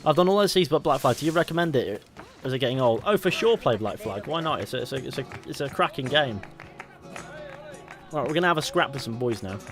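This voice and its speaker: A man's voice: mid-range voice, fast talker, music in the background. Chatty man streaming a game. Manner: chatty, rambling, self-correcting, excitable. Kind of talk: casual live game stream chat. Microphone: headset.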